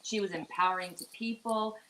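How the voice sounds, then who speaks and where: A woman with a Newfoundland accent, a tarot reader chatting casually on a live stream and slowing down to stress her points. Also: medium pitch, fairly even intonation, sharp tone, a little hiss or hum, rough recording. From Newfoundland, Canada.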